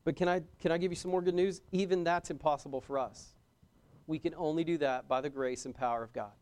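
High, clear-voiced male preacher. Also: quick pace, a little mellow. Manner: emphatic, repeats key phrases, asks the audience questions. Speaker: pastor. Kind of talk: sermon.

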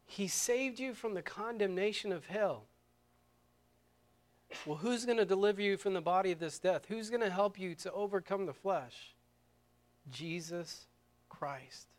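High-voiced preaching man, fervent. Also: unhurried, pauses often. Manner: swings from quiet and intimate to loud and fervent. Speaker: pastor. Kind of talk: sermon. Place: church sanctuary.

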